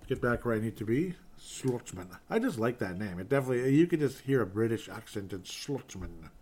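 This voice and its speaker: A man's voice: medium pitch, big pitch swings, fast talker, a little mellow, slightly rough. A man hosting a casual sports talk stream, reading viewer comments and rambling through self-mocking asides. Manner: rambling, self-deprecating, drops to mumbling asides.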